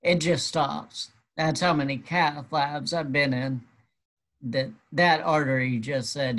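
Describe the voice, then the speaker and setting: An unhurried guest spins a personal tale at a slow, easy pace. The delivery stays wry and matter-of-fact, with a middling pitch. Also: fairly even intonation, a bit bright. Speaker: guest telling a personal story. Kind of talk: casual storytelling.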